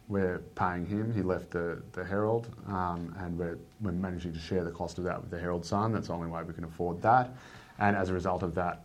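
Aussie guy, an editor, blunt and sarcastic, kinda low voice, swears a lot. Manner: blunt, sardonic, swears freely. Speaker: newspaper opinion editor. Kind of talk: candid interview talk.

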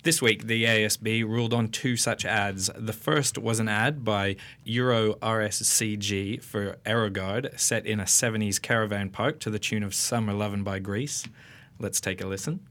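A man hosts a podcast in a mid-range voice. He reads out news items at a brisk pace and in a dry tone. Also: fairly low pitch, fairly even intonation, a bit bright. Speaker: podcast host. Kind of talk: reading news items and hosting chat.

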